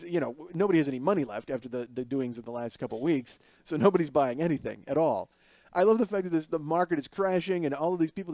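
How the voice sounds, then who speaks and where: A podcast host from the Chicago area riffs casually and sarcastically, rambling with plenty of restarts and asides. His voice leans high with a darkish tone, and there's no echo.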